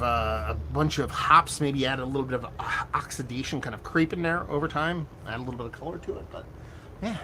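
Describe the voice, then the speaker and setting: Excitable man reviewing beer, noisy background. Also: mid-range voice. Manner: animated, excitable, self-mocking with loose cursing. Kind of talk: casual beer tasting review.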